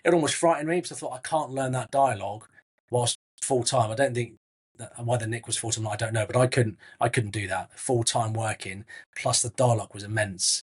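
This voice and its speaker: A middle-aged man from Southwest England with a husky, slightly breathy voice. He talks casually as an interview guest, chatty and matey, often restarting his sentences. His pitch sits in an ordinary middle range. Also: fairly even intonation, fairly quick. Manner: chatty, frequent restarts, calls people mate.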